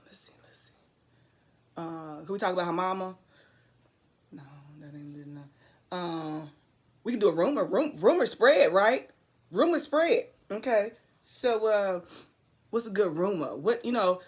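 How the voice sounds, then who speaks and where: A woman voicing scheming demonic enemies who mutter low and slyly as they plot a rumor against her. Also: lightly acted.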